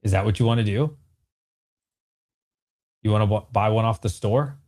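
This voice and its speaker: A man's voice: on the low side, normal speed, a little mellow, dry recording, clean studio sound. A man in his thirties chatting casually with a live-stream audience while selling and opening trading cards, in a slangy, joking way. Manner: laid-back slangy talk, frequent "bro" and laughter.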